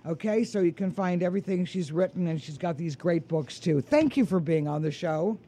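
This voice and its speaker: A woman's voice: on the low side, normal speed, warm tone, breathy edge. A woman hosting a golf radio show, chatting casually with many fillers and hesitations. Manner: hesitant, filler-heavy, enthusiastic. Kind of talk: casual interview chat.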